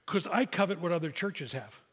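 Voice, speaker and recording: Higher-voiced pastor preaching in a reverberant church. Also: male voice, expressive, brisk, a bit bright, slightly rough. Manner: conversational, self-deprecating preaching. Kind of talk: sermon.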